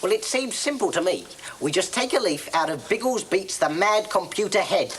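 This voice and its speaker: A woman's voice: medium pitch, animated, moderate pace, slight background noise, lightly acted. A woman doing a dry, sardonic character.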